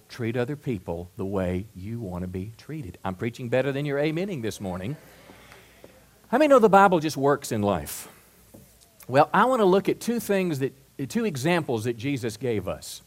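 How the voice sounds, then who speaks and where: A man pastor delivering a sermon in a folksy, conversational way. He peppers the congregation with rhetorical questions and often restarts or repeats words when he warms up. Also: mid-range voice. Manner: asks the crowd many rhetorical questions.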